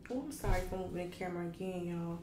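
Fast and darkish, her low voice comes through a camera mic in a roomy space with faint ambience and a bit of hiss or hum. She's a twenty-something food vlogger, blunt and slangy, chatting casually to viewers as she eats.

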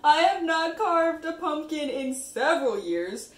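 A woman's voice: high-pitched, big pitch swings, reverberant. A young woman vlogger chatting wryly and poking fun at herself. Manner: wry and self-mocking, unhurried. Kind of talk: casual vlog chat.

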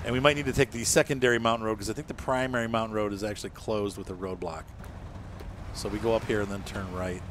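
A man's voice: lowish voice, fast, background noise. A man streaming a truck game with a friend, joking and thinking aloud as he drives. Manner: animated and joking, thinking aloud while driving. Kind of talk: casual gameplay chat.

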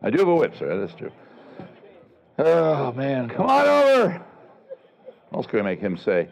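A middle-aged male street comedian holds court at an outdoor fair, his voice swinging widely up and down as he ribs the crowd. His delivery is sarcastic and teasing, and he barks loudly to pull passers-by over to his stage. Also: mid-range voice, big pitch swings, moderate pace, creaky, low-quality recording. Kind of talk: live outdoor comedy show with crowd banter.

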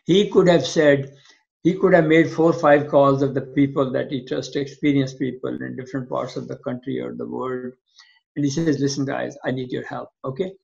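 At a normal speed and with fairly even intonation, an older physician shares long interview stories and reenacts both halves of past conversations. His medium-pitched voice is gravelly and a little mellow, and the sound is dull and lo-fi.

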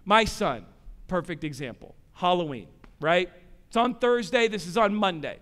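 A male pastor preaching with passion, asking the room rhetorical questions and swinging between hushed low asides and loud emphatic rises. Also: lively intonation, moderate pace. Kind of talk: sermon.

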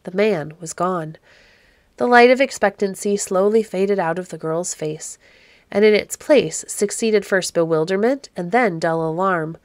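A woman hosting a podcast and reading an old storybook aloud in a measured, gently expressive way. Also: mid-range voice, dry recording, clean studio sound. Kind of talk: storybook read-aloud narration.

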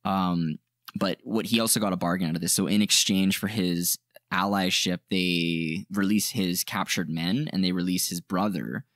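Low-voiced man in rambling podcast chat. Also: steady tone, normal speed, fairly bright tone, no room sound, studio quality. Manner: rambling, jokey, frequent fillers. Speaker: podcast co-host. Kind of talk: casual history chat.

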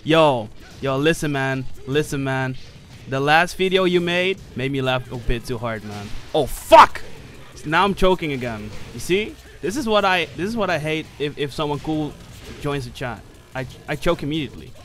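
A man giving casual live commentary while playing an online fighting game, excitable, swearing and laughing often, with sudden yelps. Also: a little high, normal speed, soft background music.

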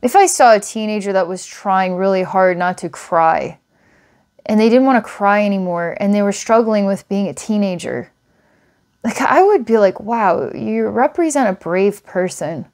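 Woman psychic, mid-pitched voice, earnest and rambling, halting restarts, reading for a client. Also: a little mellow. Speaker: psychic reader.

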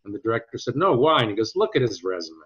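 A man's voice: lowish voice, very fast, slightly rough. A man, an actor being interviewed, telling anecdotes in a rambling, hesitant way. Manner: storytelling, hesitant restarts, quotes others in lively voices. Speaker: actor guest. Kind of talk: conversational interview. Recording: dull lo-fi audio.

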